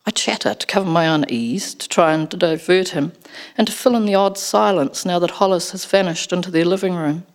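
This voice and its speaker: A woman narrating a first-person story as an audiobook, in an expressive storytelling manner. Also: lowish voice, brisk.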